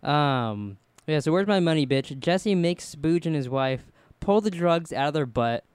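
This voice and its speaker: A man hosts a podcast, recapping a TV episode in a loose, rambling, jokey way. His voice is smooth and resonant, and it sounds close and dry on a studio mic. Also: fairly high pitch, animated, measured pace, dry recording. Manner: rambling, jokey, acts out characters' lines. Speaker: podcast host. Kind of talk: casual chat recapping a TV episode.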